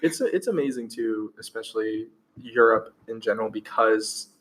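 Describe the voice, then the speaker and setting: A man's voice: fairly low pitch, moderate pace, fairly bright tone, poor audio. An American man co-hosting a podcast, chatting loosely with many fillers. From United States. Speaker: podcast co-host. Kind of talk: casual chat.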